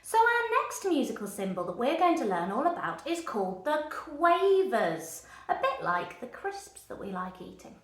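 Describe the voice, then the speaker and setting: In a room with a screen behind her, a primary school music teacher chants rhythms for children to clap to and encourages them. She speaks high and very animated at a moderate pace with hardly any pauses, and the sound is roomy.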